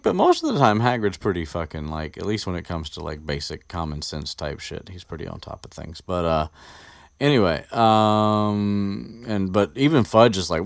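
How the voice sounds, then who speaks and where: A man's voice: low-pitched, vocal fry, no echo, studio quality. A man hosting a casual podcast chat, rambling and profane, with frequent restarts. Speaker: podcast host discussing a book.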